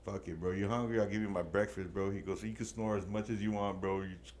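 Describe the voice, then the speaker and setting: A man's voice: fairly low pitch, steady tone, fast, darkish tone. A man co-hosting a casual podcast, telling a long story with plenty of slang and curse words, dropping Spanish words in. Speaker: podcast co-host.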